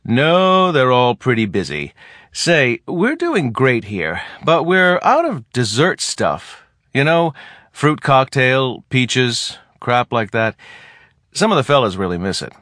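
A man's voice: medium pitch, big pitch swings, slow, fairly bright tone, dry recording, clean studio sound. A man voicing a brash, swaggering soldier captain who speaks in a cocky, offhand and coarse way. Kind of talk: audiobook character reading.

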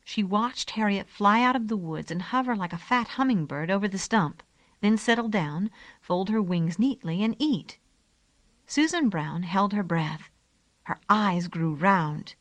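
A woman narrating a children's storybook in a calm, gentle way. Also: medium pitch, no echo. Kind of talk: storybook reading.

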